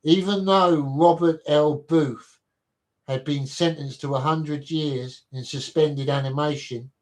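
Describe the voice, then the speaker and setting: Slow, stumbling male livestream reader. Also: on the high side, fairly even intonation. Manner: reads aloud haltingly, stumbling and repeating words, with asides to chat. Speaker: livestream host reading a reference book. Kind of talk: casual livestream reading and chat.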